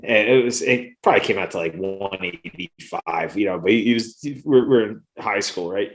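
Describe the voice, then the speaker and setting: A man's voice: fairly low pitch, moderate pace. Rambling, swearing man telling stories. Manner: rambling, swearing, laughing storyteller. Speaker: podcast co-host. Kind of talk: casual storytelling chat.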